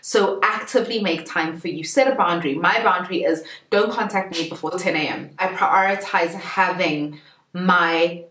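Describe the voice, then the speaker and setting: Woman from south africa, low-pitched, earnest, emphatic, repeats for stress, echoey room, mic at a distance. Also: moderate pace, a bit bright, slight background noise. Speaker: lifestyle YouTuber. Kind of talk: motivational talk to camera.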